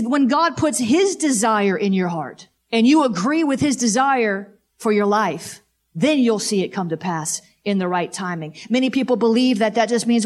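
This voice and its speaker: A woman preacher delivers a sermon with a somewhat high voice. She punctuates points with exclamations of praise and repeats lines for emphasis. When reading scripture she slows down and presses each phrase.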